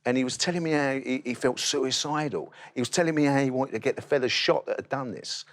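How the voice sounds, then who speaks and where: A man, a guest in an interview, telling his testimony as a lively storyteller who acts out the dialogue. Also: mid-range voice, fast.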